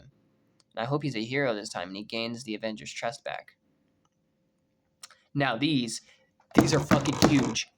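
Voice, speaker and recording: A young man giving casual reaction commentary on movie casting news, excitable and profane, breaking into shouts of disbelief. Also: mid-range voice. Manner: excitable, swears freely, bursts into shouting.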